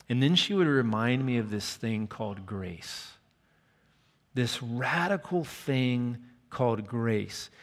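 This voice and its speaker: Earnest male pastor preaching in a reverberant hall. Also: mid-range voice. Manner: earnest storytelling, dropping to a hushed voice for quoted lines. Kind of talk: sermon.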